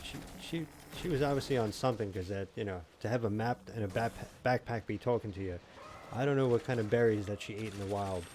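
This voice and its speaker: A man in his thirties chatting casually and rambling with jokes while he live-streams a game, now and then breaking into loud mocking shouts. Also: fairly low pitch, quick pace, slight background noise. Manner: rambling, jokey, shouts in bursts when mocking. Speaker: gaming streamer. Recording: game gunfire audible in background. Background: game gunfire and explosions.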